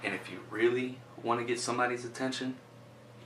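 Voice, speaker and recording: A man giving an instructional talk on presentation skills, speaking directly and shifting his loudness for emphasis. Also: mid-range voice, steady tone, quick pace, slight background noise. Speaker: presentation coach. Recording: roomy sound from a distance.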